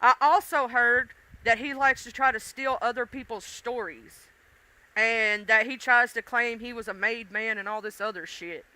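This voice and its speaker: Woman livestream host, chatty and teasing, smooth voice. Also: a little high, fairly even intonation, normal speed, pushed and bright, poor audio. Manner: chatty, laughing, teasing viewers by name. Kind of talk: casual chat with live viewers.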